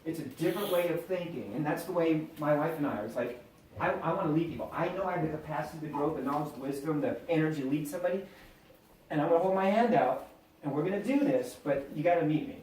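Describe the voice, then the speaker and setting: A middle-aged man giving an animated, chatty motivational talk to a live audience, acting out bits of dialogue. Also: fairly high pitch, fast, slight background noise. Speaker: motivational speaker. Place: event hall with audience. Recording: echoey room, voice from a distance.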